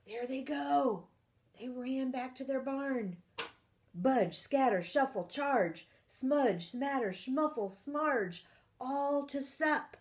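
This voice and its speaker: A woman reading a children's picture book aloud, animated, asking her young listeners questions and gasping for effect. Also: fairly high pitch. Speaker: parent partner reading storytime.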